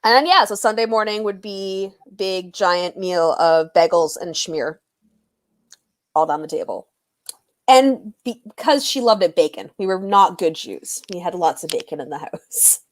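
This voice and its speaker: A woman's voice: on the low side, expressive, unhurried. A young woman chatting casually on a livestream, telling stories and laughing often.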